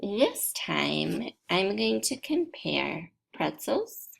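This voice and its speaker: A woman teaching an English grammar lesson to learners, explaining step by step in a slow, deliberate way. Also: mid-range voice, big pitch swings, creaky, husky.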